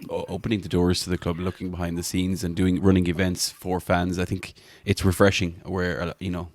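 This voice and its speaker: Low-voiced male host from Ireland, dry close sound, easygoing interviewer. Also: monotone, a little fast, a little mellow, dry recording. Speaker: podcast host. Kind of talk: casual podcast chat.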